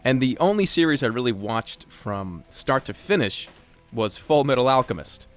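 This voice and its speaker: A man answering viewer questions in a casual voice-over, joking and self-deprecating, talking in a lively, animated way. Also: mid-range voice, normal speed, faint music behind.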